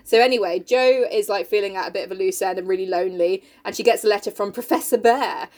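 A woman's voice: mid-range voice, fast talker, a little mellow. Chatty, sweary woman. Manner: chatty, sweary, laughs often. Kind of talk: casual chat recapping a novel.

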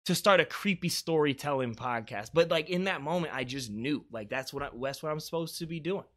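A man from South Carolina hosting a podcast and telling a spooky story in casual chat, animated, swinging between loud and hushed. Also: on the high side, brisk. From Beaufort, South Carolina. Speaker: podcast host.

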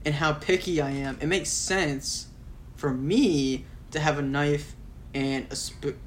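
A man's voice: fairly high pitch, takes it slowly, a little hiss or hum. A young man who hesitates and loses his train of thought in a casual chat.

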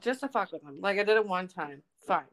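A woman's voice: medium pitch, a little fast. A young woman co-hosting a podcast, chatting casually and telling a story with lots of swearing. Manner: swears a lot, animated storytelling. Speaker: podcast co-host. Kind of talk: casual chat.

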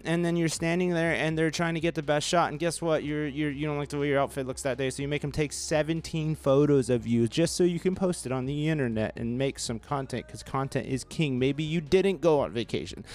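A man's voice: medium pitch, darkish tone. A man in his late twenties hosting a solo podcast from a bedroom home studio, rambling in a sarcastic, self-mocking way. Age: late 20s. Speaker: podcast host.

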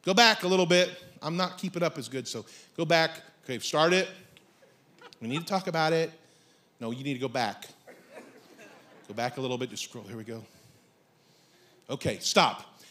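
Male pastor, bright high voice, swinging wide, shouts for emphasis with comic asides. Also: lively intonation, a little slow, long pauses. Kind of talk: sermon.

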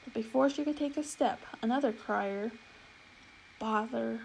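A woman narrating a storybook chapter in a measured, expressive reading. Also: a little high, vocal fry, slight background noise, rough recording. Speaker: audiobook reader.

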